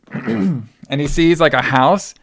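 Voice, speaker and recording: A man's voice: a little high, drawn-out words, a bit bright, no echo, studio quality. A man casually recapping a movie plot as a podcast co-host, rambling and leaning heavily on filler words.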